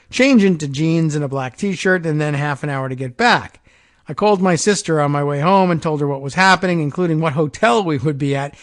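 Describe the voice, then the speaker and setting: A man's voice: fairly high pitch, no room sound, clean studio sound. Man reading aloud with sardonic asides. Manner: reads a first-person account, dropping to quiet sarcastic asides. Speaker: podcast host.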